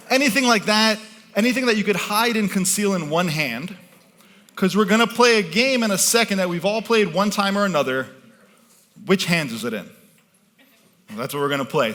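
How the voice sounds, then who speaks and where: A man with a high, slightly bright voice works as a mentalist on an event stage. He guides a live audience through a participation game with commanding, playful patter.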